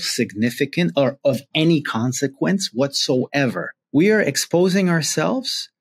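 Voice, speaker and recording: Earnest man musing to camera. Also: medium pitch. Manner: earnest, drawn out and emphatic on key words. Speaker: self-help vlogger. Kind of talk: reflective talking-head monologue.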